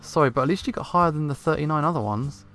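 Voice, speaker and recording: A man's voice: fairly high pitch, expressive, rapid-fire, fairly bright tone, soft background music. A man voicing an upbeat female cat campaign manager, reading her lines in a chipper, encouraging way in his own voice. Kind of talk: visual novel voice-over reading.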